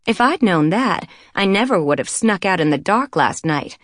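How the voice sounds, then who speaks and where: A woman's voice: medium pitch, animated, normal speed, dry recording, clean studio sound, close to an everyday voice. A woman narrator voicing a genteel young redheaded woman with a theatrical, exclaiming manner. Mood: aghast.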